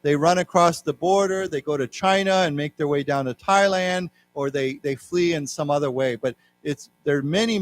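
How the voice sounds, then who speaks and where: A man teaching an English class in a library, explaining word meanings and leading learners in repeating words aloud. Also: mid-range voice. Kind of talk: live English lesson for learners. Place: library lecture room.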